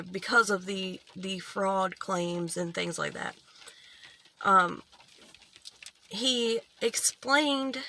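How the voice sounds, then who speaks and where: A woman's voice: medium pitch, pushed and bright. A woman hosting a casual drama commentary, ranting bluntly with heavy swearing and exasperation.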